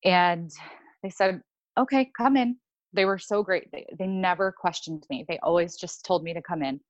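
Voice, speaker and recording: A woman's voice: fairly low pitch, fairly even intonation, normal speed, no room sound, muffled recording. A young woman telling a personal story in casual chat, with many fillers and restarts. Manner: rambling, lots of fillers and restarts. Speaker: podcast guest.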